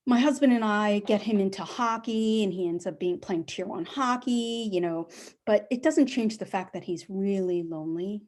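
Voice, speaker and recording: A middle-aged woman telling a personal story on a live stage, animated and acting out the people she quotes. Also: moderate pace. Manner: animated, acts out quoted voices with big pitch jumps.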